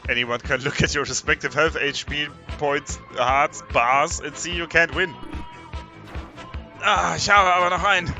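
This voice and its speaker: A man's voice: a little high, fairly even intonation, measured pace, bright, forceful tone, exaggerated voice. Man as arrogant villain knight, gloating and taunting, game music bed. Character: arrogant bloodthirsty male evil knight villain. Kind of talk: reading game dialogue aloud.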